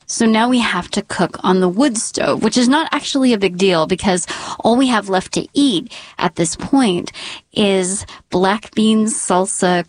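A woman telling a personal story to an audience, dramatic and dropping into hushed whispers for suspense. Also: mid-range voice, dry recording.

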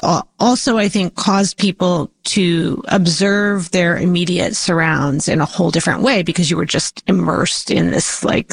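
Gravelly-voiced woman interview host. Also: fairly low pitch, no room sound. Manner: conversational, reflective questions. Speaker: podcast host. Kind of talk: interview questions.

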